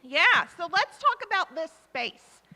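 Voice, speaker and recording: A woman leading a children's time in a church service, asking the children questions and warmly repeating their answers, speaking into a microphone in the sanctuary. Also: very high voice, very animated, unhurried. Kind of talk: interactive children's talk with questions. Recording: reverberant church hall.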